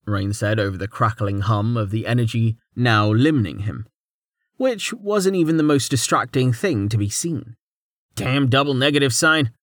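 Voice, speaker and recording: A man narrates a fantasy audiobook with expressive, scripted storytelling. His voice is mid-range and his speed normal, captured in clean studio sound with no echo.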